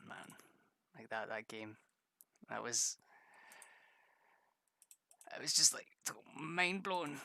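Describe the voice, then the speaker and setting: Gamer dude rambling and stammering, gravelly voice, bright tone, dry mic. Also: male voice, medium pitch, lively intonation, slow pace, long pauses, no room sound. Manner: rambling, stammering, laughs often, swears casually. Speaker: gaming streamer. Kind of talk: casual gameplay chat with viewers.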